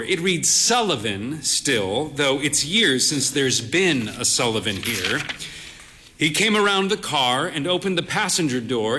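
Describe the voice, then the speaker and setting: Man reading a story, slow and lyrical, bright voice that rises and falls a lot, kinda wry. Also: medium pitch. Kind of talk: scripted narration.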